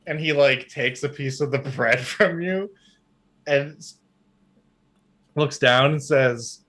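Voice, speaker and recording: Male game master, casual rambling narration, bright tone. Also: mid-range voice, slow. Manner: casual, filler-heavy narration.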